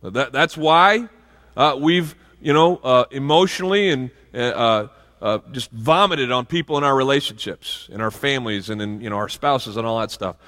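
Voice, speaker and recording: A man's voice: mid-range voice, moderate pace, fairly bright tone, in a large hall. A male pastor preaching a sermon in a conversational way, with asides and frequent restarts. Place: church sanctuary.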